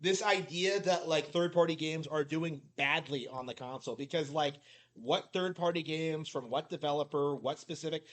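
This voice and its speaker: A man's voice: a little high, moderate pace. A man giving mocking reaction commentary, talking loosely and filling his sentences with "like". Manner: mocking, heavy use of "like" fillers. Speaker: commentary YouTuber.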